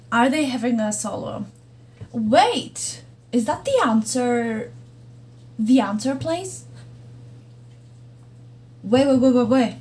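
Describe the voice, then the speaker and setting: A woman's voice: fairly high pitch, darkish tone. A woman hosting a reaction video, gushing and exclaiming as she watches, with faint music behind her. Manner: gushing, exclamatory, laughs and gasps often. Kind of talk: excited reaction commentary over a music video.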